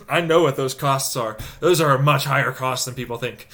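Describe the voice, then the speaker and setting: Young male streamer, bright tense voice, profane ranting chat, mid pitch. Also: fairly quick, hardly any pauses. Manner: animated, profane, ranting, acting out exasperated inner voices. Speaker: livestreamer. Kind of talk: casual rant to stream chat.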